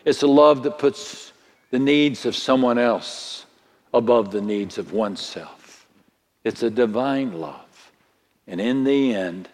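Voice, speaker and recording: A man preaching a sermon, slow and dramatic, his voice swelling higher at the most stirring moments. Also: darkish tone. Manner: slow, dramatic delivery with sudden swells in pitch. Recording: long hall reverb.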